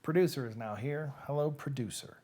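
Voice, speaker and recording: A man's voice: a little high, fairly quick, a little mellow. A man hosting a live-streamed reading show, chatting casually and joking straight to his viewers. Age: adult with nieces and nephews who have babies.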